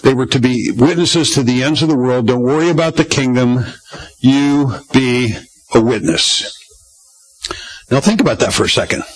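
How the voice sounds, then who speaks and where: A man's voice: mid-range voice, fairly bright tone, rough recording. A pastor preaching a conversational Bible-study sermon in a folksy way, often asking his congregation questions.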